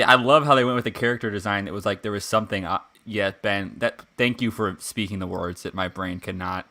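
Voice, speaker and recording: A man co-hosting a casual podcast chat, animated, acting out characters' lines. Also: on the low side, fairly quick, few pauses. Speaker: podcast co-host.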